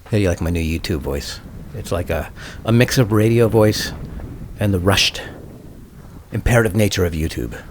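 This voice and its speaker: Male podcast host, low voice, relaxed rambling solo talk, wry about himself. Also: normal speed, long pauses, background noise. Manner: relaxed, musing, self-mocking.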